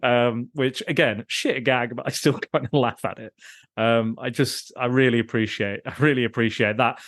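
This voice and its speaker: A man chatting casually as a podcast guest, animated, breaking into laughter and acting out quotes. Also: medium pitch, moderate pace. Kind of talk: casual film chat.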